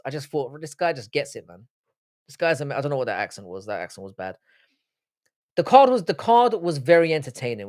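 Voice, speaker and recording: A man's voice: mid-range voice, no echo, clean studio sound. A young man hosting a live-stream panel, talking in casual, blunt and profane banter. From United Kingdom. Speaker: livestream panel host.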